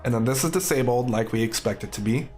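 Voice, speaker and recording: A man's voice: mid-range voice, quick pace, darkish tone, faint music behind. A man streaming live coding, thinking aloud in casual, upbeat commentary.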